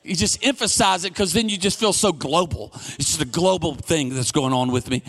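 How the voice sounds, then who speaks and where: A middle-aged male pastor preaching a sermon, telling stories in an animated way and shouting out lines for emphasis. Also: on the high side, fairly quick.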